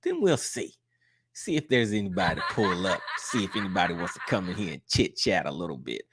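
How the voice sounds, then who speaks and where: A man's voice: low-pitched, quick pace, background noise. A man hosting a fishing channel livestream, talking in an easygoing, rambling way with lots of "all right"s. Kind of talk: casual livestream chat.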